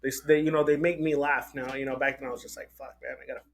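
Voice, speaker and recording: A man's voice: on the high side, flat delivery, fast. A man as a podcast guest, swearing freely in laid-back casual banter.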